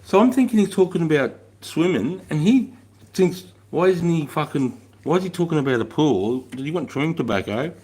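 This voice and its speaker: A man's voice: fairly high pitch, expressive, a little fast, a little mellow, slightly rough. A middle-aged man hosting a livestream in casual chat, swearing freely, rambling and laughing as he reads out viewer comments. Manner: profane, rambling, laughs often. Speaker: livestream host.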